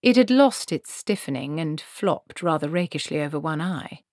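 A woman reading a comic fantasy novel aloud in a wry, expressive storytelling manner. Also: low-pitched, normal speed, no room sound, clean studio sound. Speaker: audiobook narrator. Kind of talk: scripted narration.

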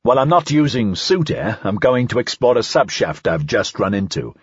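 A man's voice: mid-range voice, big pitch swings, moderate pace, breathy edge, dry recording, highs cut off. A man voicing a seasoned male investigator who talks in a clipped, matter-of-fact way in an audiobook. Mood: measured. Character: seasoned male investigator, dry, measured, in charge.

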